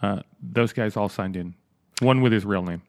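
Chill low-voiced guy chatting on a podcast, dry no-room sound. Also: moderate pace, no room sound. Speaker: podcast co-host. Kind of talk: casual chat.

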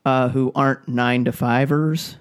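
A man's voice: medium pitch, steady tone, normal speed. A man telling a story on a podcast in casual chat, rambling with many fillers and restarts.

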